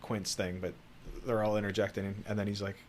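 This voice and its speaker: A man's voice: lowish voice, flat delivery, fairly quick, a little hiss or hum. A man co-hosting a movie podcast, chatting casually and reading film facts and quotes from his notes. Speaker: podcast co-host.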